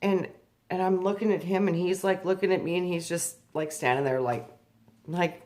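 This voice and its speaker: A woman in personal spiritual storytelling, slow and hushed on deep points, animated when reliving a memory. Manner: animated, rises sharply when acting out her younger self. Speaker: spiritual speaker.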